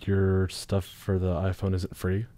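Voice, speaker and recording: A young college man co-hosts a casual radio show, his lowish voice close and dry. He throws in short teasing quips and laughs easily. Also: monotone, measured pace, mellow, no room sound. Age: young adult.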